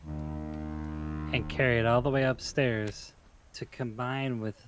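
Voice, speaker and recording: A man's voice: mid-range voice, lively intonation, slow, background noise. A man streaming a game, telling stories to his friend and explaining his setup to viewers in a laid-back way. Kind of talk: casual gaming stream chat.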